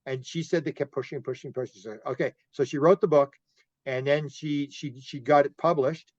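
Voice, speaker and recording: A man from Canada, a UFO investigator being interviewed, telling animated stories, laughing often and acting out quotes. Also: fairly high pitch, fairly quick, no echo, highs cut off. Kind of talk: casual interview storytelling.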